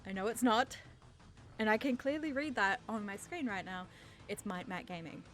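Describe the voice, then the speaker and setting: Answering viewer questions in a nervous, self-mocking ramble, this Australian host of thirty speaks in a high-ish, expressive voice at normal speed. Her English-sounding accent comes from her British father, and she's chatting straight to camera for her channel.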